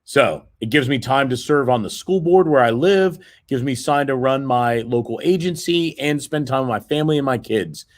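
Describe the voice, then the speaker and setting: A man's voice: medium pitch, normal speed, hardly any pauses. A middle-aged man giving a motivational sales seminar, persuading the audience and checking in with frequent "right?" tag questions. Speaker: seminar presenter.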